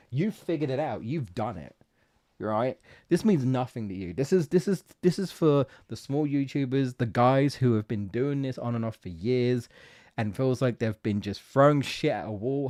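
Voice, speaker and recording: A man's voice: mid-range voice, a little mellow. A man streaming a video game, rambling about content creation with frequent restarts and swearing. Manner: rambling, self-deprecating, swears, many restarts. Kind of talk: casual let's-play commentary.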